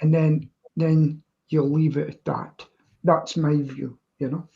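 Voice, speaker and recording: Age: unknown. Sex: woman. Style: animated story, lo-fi call. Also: low-pitched, slow pace, gravelly. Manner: animated anecdote teller who acts out both sides of dialogue. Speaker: regular panelist on a live stream. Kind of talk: casual storytelling. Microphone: video call.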